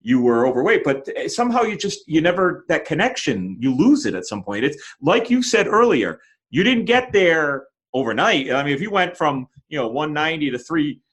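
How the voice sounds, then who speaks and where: A man's voice: a little high, big pitch swings, moderate pace, fairly bright tone. A man hosts a podcast in a loose, chatty way. His voice moves up and down a lot as he jokes and restarts his thoughts. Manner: chatty, joking, many restarts. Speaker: podcast host. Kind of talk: casual podcast conversation.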